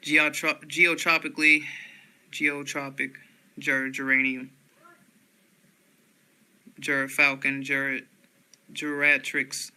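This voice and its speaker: A man slowly reading dictionary headwords aloud in a flat monotone, often restarting words. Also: fairly high pitch, clear, resonant tone, rough recording.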